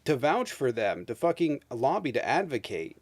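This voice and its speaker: Male streamer, 30s, angry profane rant, mid pitch, dry close mic. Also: very animated, moderate pace, darkish tone, no room sound. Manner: profane, ranting, emphatic. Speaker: streamer host. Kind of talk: heated political rant on a livestream.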